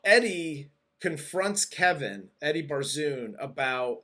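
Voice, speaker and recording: A man's voice: fairly high pitch, lively intonation, slow, bright, forceful tone. A man co-hosting a casual movie review, recapping the plot in a loose, rambling way with restarts. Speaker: podcast co-host.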